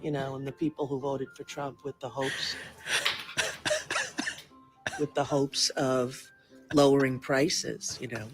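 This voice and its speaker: A man rambling in a halting home video monologue, often clearing his throat. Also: mid-range voice, level tone, over music.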